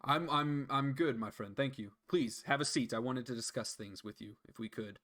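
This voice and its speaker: A man voicing a formal male city guard captain who speaks in a measured, earnest way in a tabletop game. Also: medium pitch, fairly bright tone, close to an everyday voice.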